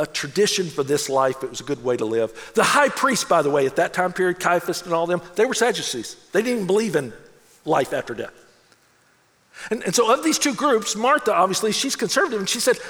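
A pastor with a high-pitched voice preaches a sermon in a large hall. He tells his story with animation, acting out its voices and dropping to a hush for the solemn moments.

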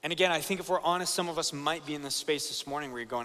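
A man's voice: a little high, fast talker, few pauses, fairly bright tone, in a large hall. A young man preaching a sermon to students, earnest and conversational, often checking in with "right?".

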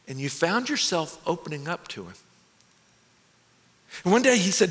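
Animated man telling a story on stage. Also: high voice, moderate pace, long pauses. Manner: expressive and animated, with nervous self-mocking laughs. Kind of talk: theatrical stage monologue. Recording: long hall reverb.

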